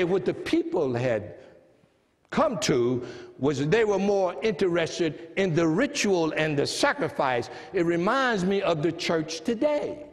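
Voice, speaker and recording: A man's voice: fairly high pitch, big-room sound. A man with an American accent preaching a sermon, who stresses key phrases and repeats them as his emphasis builds. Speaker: pastor.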